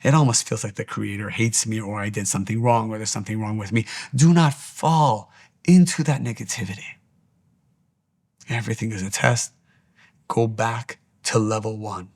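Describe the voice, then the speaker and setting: A man's voice: fairly low pitch, steady tone, normal speed. A man giving a spiritual teaching monologue, speaking earnestly and repeating his exhortations.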